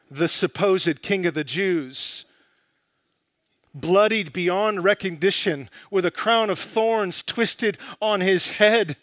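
A man preaching a sermon in a dramatic, emphatic way, often dropping low and slow for quotations. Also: fairly bright tone, no room sound, clean studio sound.

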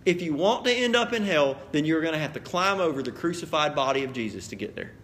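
A man preaching as the pastor of a church, earnest and direct, dropping quiet then building to emphatic appeals. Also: on the high side, animated, fast talker, a little hiss or hum. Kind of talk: sermon. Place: church sanctuary.

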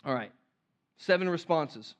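A man preaching a sermon in a conversational way, often restarting phrases and dropping to a hushed voice for emphasis, in a church. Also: fairly high pitch, lively intonation, measured pace, dull audio. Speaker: pastor.

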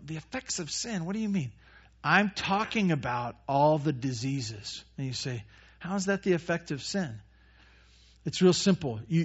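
Preaching pastor, dull recording. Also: male voice, fairly high pitch. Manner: conversational preaching with many restarts and acted asides. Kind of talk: sermon.

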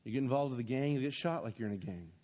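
A male pastor preaching a sermon, animated, acting out imagined speakers and slowing down to read scripture. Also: mid-range voice, long reverb tail.

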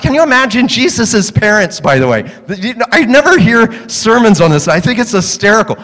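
A pastor delivering a humorous sermon to a congregation, animated and joking, acting out the voices in his stories. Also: sits high, in a large hall.

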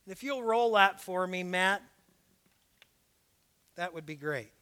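A man with a strikingly high, bright voice preaches slowly and deliberately from the pulpit. His delivery leans on emphasis and occasional shouts, and his words carry a slight lisp. He drops into easy, joking asides between points. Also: clear, resonant tone. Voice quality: slight lisp from dental aligners. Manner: breaks into laughter and asides. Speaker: pastor. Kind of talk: sermon. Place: church sanctuary, also live-streamed.

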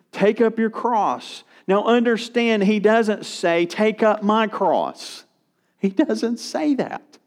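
Guy preaching a sermon, kinda high voice, swings loud and soft for emphasis. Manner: emphatic, rising and falling in pitch and volume. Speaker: pastor.

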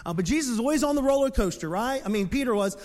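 A man in his fifties from Philadelphia preaching a sermon as pastor, dropping to near-whispers and then rising to loud exclamations. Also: very high-pitched, expressive, very fast. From Philadelphia, USA. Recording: long reverb of a large hall.

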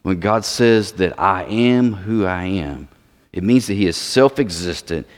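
A man's voice: low-pitched, animated, a little slow. A man preaching a sermon, explaining scripture and putting questions to the audience. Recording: long hall reverb.

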